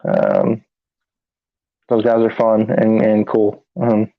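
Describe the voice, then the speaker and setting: On a casual live stream about the paranormal, an investigator and co-host talks in a gravelly, fairly low voice. His delivery is a tired, halting monotone from lack of sleep, packed with fillers and false starts. The audio is dry, dull lo-fi stream sound.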